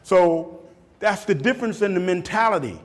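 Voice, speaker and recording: A football coach in his fifties gives a motivational talk. His voice sits a touch high and leaps around with great animation, and he keeps restarting and repeating words to drive a point home. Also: moderate pace. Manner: animated, acts out shouted quotes, laughs often. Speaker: football coach speaking at a camp.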